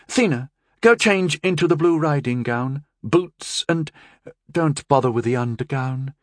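A man's voice: mid-range voice, lively intonation, measured pace, no echo, studio quality, voice pushed up, lightly acted. A man voicing a furious, scheming middle-aged noblewoman who shrieks and scolds, in an audiobook reading. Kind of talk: audiobook character voice.

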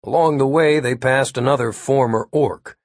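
Husky-voiced male audiobook narrator. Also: mid-range voice, moderate pace, no echo, clean studio sound. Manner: steady storytelling delivery. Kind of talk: scripted narration.

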